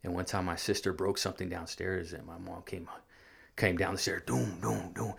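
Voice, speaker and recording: A man from California, earnestly recounting his own hard childhood as an interview guest, halting and restarting often. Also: deep voice, level tone, vocal fry, fairly bright tone, husky. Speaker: guest sharing his life story. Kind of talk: personal storytelling in an interview.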